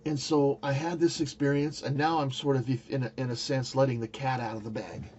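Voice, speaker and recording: A man's voice: mid-range voice, little pitch movement, brisk, darkish tone, a little hiss or hum. An older man talking casually to camera about a personal experience, rambling and searching for words with many restarts. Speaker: YouTuber recounting a spiritual experience.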